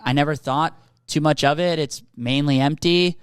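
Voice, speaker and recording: A man's voice: a little high, moderate pace, clean tone, no room sound, studio quality. A young man from Minneapolis, co-hosting a comedy podcast, telling a long rambling story with swearing and acted-out dialogue. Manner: rambling, animated, swearing, acts out quoted people. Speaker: podcast co-host.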